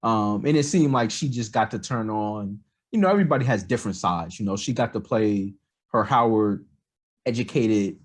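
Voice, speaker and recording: Brief: husky man with a lowish voice, podcast co-host, loose and animated. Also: moderate pace. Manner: rambling, animated, lots of fillers. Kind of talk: casual political chat.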